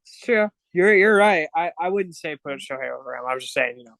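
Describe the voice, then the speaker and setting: A man appearing as a guest on a casual sports podcast, talking in a relaxed, agreeable way. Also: on the high side, brisk, gravelly, no room sound. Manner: relaxed, agreeable, laughs along.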